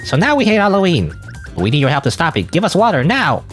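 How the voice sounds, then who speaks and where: A man's voice: fairly high pitch, huge pitch swings, fast, fairly bright tone, soft background music, pitched above the performer's own voice. A man voicing whiny, demanding trick-or-treaters. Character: grumpy costumed trick-or-treater group, demanding.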